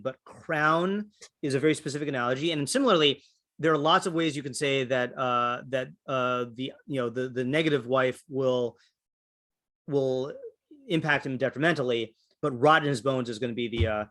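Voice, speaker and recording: A man leads an interactive Torah class, calling on students as he thinks aloud with lots of fillers and restarts. His voice is medium in pitch and a bit bright.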